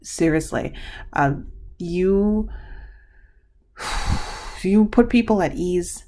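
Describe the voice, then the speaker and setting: Low-voiced woman giving a card reading. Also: lively intonation, extremely slow, mellow. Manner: gushing, emotional, rambling with many restarts. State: tearful. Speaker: tarot card reader. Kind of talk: pick-a-card reading to camera.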